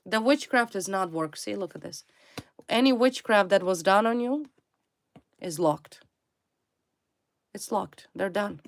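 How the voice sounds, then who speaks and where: Slow, emphatic woman reading tarot. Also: mid-range voice, animated, gravelly. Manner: emphatic, repeats single words for stress. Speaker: tarot reader. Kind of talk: tarot reading addressed to viewers.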